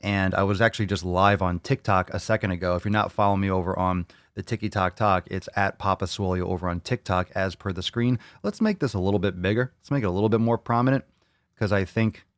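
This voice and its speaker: A man hosting a casual livestream podcast, joking and swearing loudly with hype-style bravado. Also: sits low, brisk, no echo. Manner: brash, joking, profane hype talk. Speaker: podcast host.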